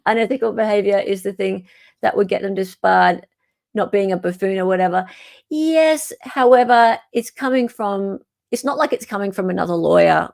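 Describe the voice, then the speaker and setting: A woman's voice: mid-range voice, moderate pace, gravelly, darkish tone. An Australian woman hosting a casual livestream, chatting, reading court documents aloud and reacting to viewer comments. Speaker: host.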